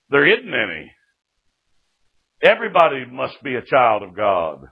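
Middle-aged preacher, fervent testimony with frequent amens, tinny lo-fi recording. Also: male voice, mid-range voice, huge pitch swings, moderate pace, pauses often, breathy edge. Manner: fervent storytelling, punctuated with "Amen". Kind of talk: sermon testimony. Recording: tinny lo-fi phone-like sound.

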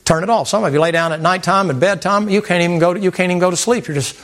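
A man preaching a sermon to a congregation in a folksy, animated way, repeating words and mimicking sounds. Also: sits high, rapid-fire. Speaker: pastor. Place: church sanctuary with congregation.

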